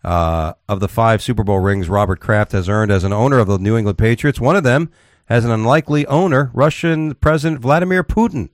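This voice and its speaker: A man's voice: medium pitch, brisk, dry recording, studio quality. A man co-hosting a talk show, reading odd news stories and bantering, rambling with restarts and tough talk. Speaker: radio show co-host.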